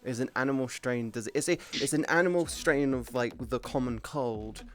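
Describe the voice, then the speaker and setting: A man's voice: medium pitch, slow pace. Swearing, chatty male streamer. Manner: swears a lot, animated storytelling. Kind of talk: casual chat.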